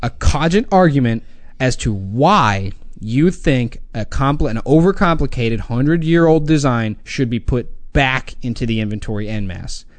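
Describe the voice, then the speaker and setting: A man's voice: medium pitch, lively intonation, normal speed, dry recording. A man co-hosting a podcast, ranting bluntly and mockingly with some swearing. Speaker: podcast co-host. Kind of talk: opinionated casual podcast rant.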